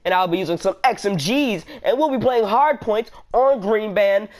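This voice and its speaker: A man commentating his own shooter match, playful and excitable, taunting enemies in sing-song banter and yelping when hit. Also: high-pitched. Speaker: gameplay commentator. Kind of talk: live gameplay commentary. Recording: loud game gunfire behind voice. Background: game sound effects and gunfire.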